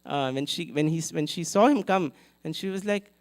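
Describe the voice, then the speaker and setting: A man giving a sermon in a temple hall, telling a story in an animated way, acting out its characters and asking the audience questions. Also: a little high, moderate pace. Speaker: temple speaker. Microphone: live event mic.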